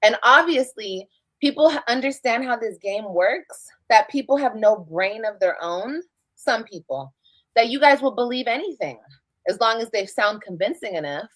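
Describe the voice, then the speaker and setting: Woman, live streamer, defensive, emphatic, repetitive, slightly high, dry. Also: lively intonation, moderate pace, a bit bright, no room sound, poor audio. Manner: defensive, emphatic, repeats herself. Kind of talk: casual live-stream talk.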